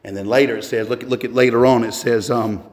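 A man's voice: medium pitch, fairly even intonation, brisk. A man giving a sermon as pastor, earnest and conversational, often restarting his sentences. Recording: echoey hall with long reverb.

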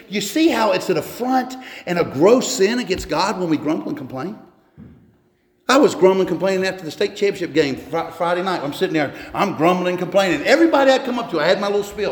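A man's voice: high voice, very animated, quick pace. A man giving a sermon as pastor, earnest and conversational, often restarting his sentences. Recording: echoey hall with long reverb.

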